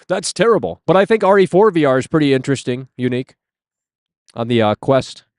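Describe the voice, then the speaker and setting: A man's voice: mid-range voice, expressive, a little fast, darkish tone, dry recording, studio quality. A man hosting a casual live stream outdoors on his phone, ranting and swearing as he answers chat. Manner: ranting, profane, reading chat aloud.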